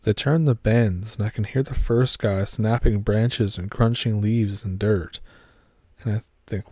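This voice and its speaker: A man telling a scary woods story in a steady, measured way. His voice is low and mellow, and the recording is dry and close-miked with no room sound. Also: breathy edge, no echo. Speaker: narrator. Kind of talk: horror story narration.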